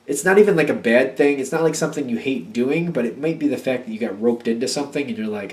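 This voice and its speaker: A man's voice: mid-range voice, quick pace, hardly any pauses, a little mellow, roomy sound, far from the mic. A man giving a casual tarot reading, thinking aloud and chatty, with many fillers. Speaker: tarot reader.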